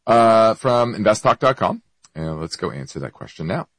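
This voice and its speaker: A man's voice: fairly low pitch, big pitch swings, normal speed, no room sound, low-quality recording. A man hosting an investment show, explaining markets and answering a listener's question, with hiccups and frequent self-corrections.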